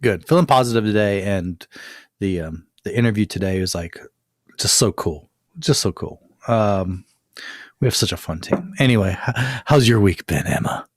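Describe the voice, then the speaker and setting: A man's voice: lowish voice, moderate pace, no echo, studio quality. A man co-hosting a podcast, chatting casually in a rambling, self-amused way with frequent restarts. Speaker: podcast co-host. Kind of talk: casual chat.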